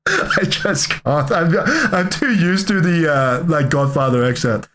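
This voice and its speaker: A man's voice: a little high, expressive, takes it slowly, a bit bright, slight background noise. A young man giving casual reaction commentary, rambling and joking, often correcting himself mid-sentence. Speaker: reaction streamer.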